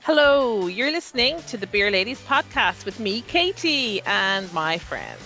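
A woman's voice: medium pitch, huge pitch swings, measured pace, pushed and bright, faint music behind, rough recording. A woman reading the podcast's scripted announcements in an upbeat way. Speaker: podcast co-host reading show notices.

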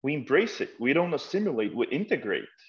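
A man's voice: mid-range voice, big pitch swings, brisk. A man, a start-up co-founder and executive, talking as an interview guest and making his case with emphatic, persuasive storytelling and rhetorical questions. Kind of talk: conversational interview. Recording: slightly muffled, lo-fi podcast audio.

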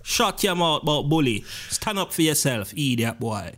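A man's voice: a little high, sing-song, moderate pace, fairly bright tone. A man voicing a brusque Jamaican HR officer who scolds in curt commands. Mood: scolding.

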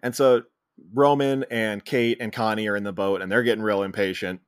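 A man co-hosting a podcast, recapping a comedy scene by scene and acting out characters' lines in quick put-on voices. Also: fairly low pitch, steady tone, no echo, clean studio sound. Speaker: podcast co-host. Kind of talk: casual movie recap chat.

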